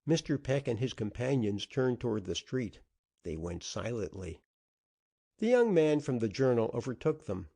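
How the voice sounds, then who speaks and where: An expressive male storyteller reading an old-fashioned tale. His pitch sits mid-range but moves a great deal, rising and falling with the drama. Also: normal speed, gravelly. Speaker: audiobook narrator. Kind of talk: storytelling narration.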